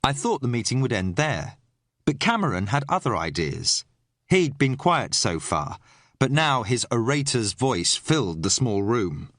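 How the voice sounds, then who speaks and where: A man reading a first-person thriller audiobook in an even, expressive storytelling voice. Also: medium pitch, a little slow, no room sound, clean studio sound. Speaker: audiobook narrator.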